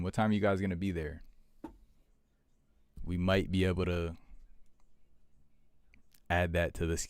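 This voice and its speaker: A man's voice: sits low, a little mellow, clear, resonant tone, no room sound, clean studio sound. A young man hosting a livestream, chatting casually with viewers and repeating himself in a laid-back way. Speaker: livestream host.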